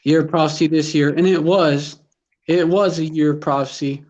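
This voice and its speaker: A man's voice: fairly high pitch, fairly even intonation, normal speed, darkish tone, muffled recording. A man talking slangily and animatedly in casual chat.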